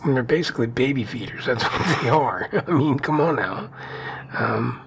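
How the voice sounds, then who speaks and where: A man's voice: mid-range voice, lively intonation, normal speed, creaky, background noise. A man co-hosting a podcast in casual, rambling conversation, often laughing. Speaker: podcast co-host.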